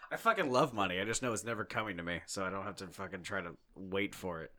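A man's voice: deep voice, fairly quick, a crowd in the background. A man co-hosting a casual podcast, joking and swearing freely. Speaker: podcast co-host. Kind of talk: casual chat.

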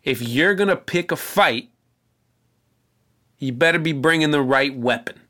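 A man's voice: fairly high pitch, expressive, measured pace, bright, forceful tone. A man, a pastor, giving a conversational sermon, telling stories with small restarts and then reading scripture aloud.

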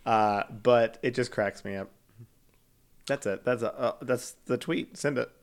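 A man's voice: mid-range voice, measured pace. Casting: playful, giggly man in his thirties, podcast co-host banter. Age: 30s. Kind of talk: casual chat.

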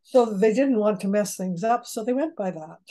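An older woman, a genealogist, answering interview questions in a relaxed conversational way and chuckling at her own jokes. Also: medium pitch, moderate pace. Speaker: genealogist guest.

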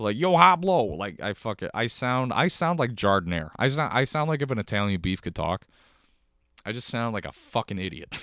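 A man's voice: on the low side, a bit bright, clear, resonant tone, dry recording, studio quality. A young man with a Chicago accent, rambling and self-deprecating as host of a casual solo podcast, talking from his couch at home.

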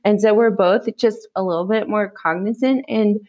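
A woman's voice: mid-range voice, steady tone, moderate pace, darkish tone. Chatty woman podcast co-host. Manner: chatty, laughs often. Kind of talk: casual chat.

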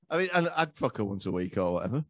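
Lowish in voice and captured in studio quality without echo, this English man appears as a podcast guest. He laughs his way through crude, sweary stories in a casual comedy conversation.

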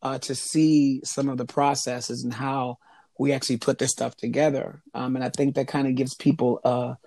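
A man with a mid-range voice is interviewed about his craft. He talks in a halting, considered way, often stopping to think before going on. The recording is dry and close. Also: mid-range voice, little pitch movement, creaky, darkish tone, no echo. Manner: thoughtful, halting with frequent ums. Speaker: interview guest, jewelry maker. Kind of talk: conversational interview.

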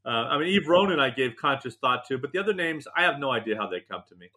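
Bright-voiced joking male author. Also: mid-range voice, fast talker. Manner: animated, joking, self-deprecating. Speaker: novelist and TV writer, guest. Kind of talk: interview, anecdotal storytelling.

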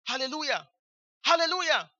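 A man's voice: very high-pitched, animated, normal speed, pushed and bright. A man preaching a sermon as pastor, repeating his phrases and dropping in frequent hallelujahs. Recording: dull lo-fi recording.

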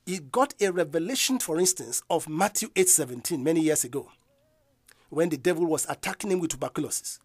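Husky preacher man, fiery sermon. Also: on the high side, no echo. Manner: emphatic, repeats declarations, rises to loud proclamations.

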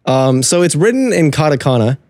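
A man's voice: on the high side, big pitch swings, fairly quick, a little mellow, no room sound, studio quality. A young man co-hosting a casual podcast, chatty and teasing, often laughing as he talks. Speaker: podcast co-host.

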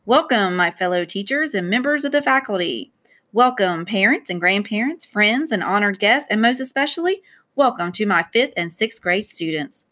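Female reader playing a male school director, formal speechmaking, mid-pitched. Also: expressive, moderate pace, sharp tone.

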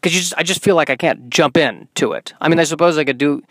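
Deadpan young man, very dry sound. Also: on the high side, quick pace, dry recording, poor audio. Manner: deadpan, self-mocking, slips into silly put-on voices. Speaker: podcast host. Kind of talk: solo comedic monologue. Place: inside a car.

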